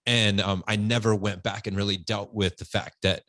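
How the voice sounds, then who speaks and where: On a podcast, a guest in his forties recounts something personal at a moderate pace, his fairly low voice recorded without room sound. Sincere and unguarded, he nearly cries at points and brings quoted speakers to life.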